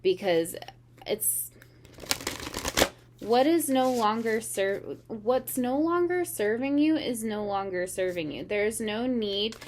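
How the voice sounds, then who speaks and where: A woman's voice: a little high, background noise. A woman giving a casual tarot reading, talking in an earnest, meandering way. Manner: meandering, earnest, slow and unhurried. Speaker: tarot reader.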